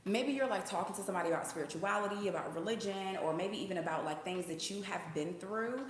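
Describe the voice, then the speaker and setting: A woman's voice: medium pitch, fast. A woman hosting a casual spiritual reading, talking to viewers in a slangy, chatty way and often checking in with "okay?". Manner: breaks into sung snippets. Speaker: intuitive reader, channel host. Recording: echoey room.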